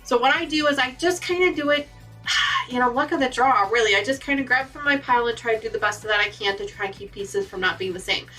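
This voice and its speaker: A woman's voice: high-pitched, sharp tone, far from the mic. A woman hosting a live quilting stream, chatty and upbeat, greeting viewers by name. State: has the hiccups. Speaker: quilting channel host.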